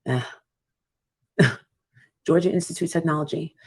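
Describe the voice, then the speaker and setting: Hosting a livestream, this woman chats casually and bluntly with callers, cursing often and performing quoted lines. Her husky, low voice moves at a moderate pace, recorded without echo.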